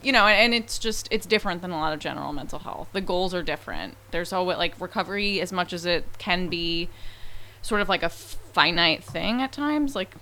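A woman's voice: on the low side, lively intonation, a little fast, pushed and bright, a little hiss or hum. A woman therapist, a guest on a podcast, talking in a chatty, casual way with many fillers. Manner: chatty, full of "like" and "you know".

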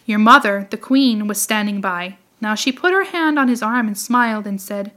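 A woman narrating a storybook tale in a measured, expressive reading voice. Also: medium pitch. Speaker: audiobook reader.

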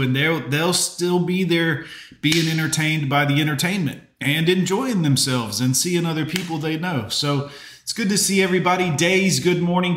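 Male streamer host, brisk casual greetings, echoey room. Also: on the high side, fairly bright tone, a little hiss or hum. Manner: quick, chatty greetings to viewers. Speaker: livestream host. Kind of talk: casual live-stream chat.

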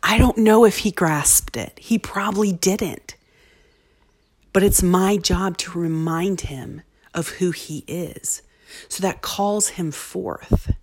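A woman with a low voice tells a story as a mother, in a relaxed, chatty way. She turns animated at times, then drops to soft near-whispers. Her talk stays warm and personal. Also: slow pace, slightly rough. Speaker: mother telling a parenting story. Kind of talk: casual storytelling monologue.

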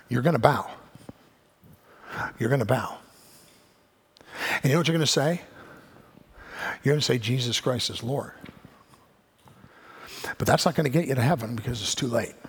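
A man's voice: medium pitch, moderate pace, pauses often, breathy edge. A man preaching a sermon as pastor, swelling to emphatic peaks and acting out the voices of doubting listeners.

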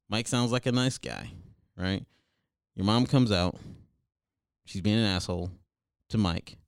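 A man's voice: mid-range voice, no room sound, studio quality. A young man hosting a comedic advice show, rambling crude and over-the-top.

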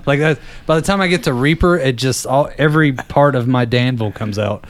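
A man's voice: mid-range voice, fairly quick. Easygoing male co-host, casual and playful. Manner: laid-back, jokey, does little voices. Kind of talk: casual chat.

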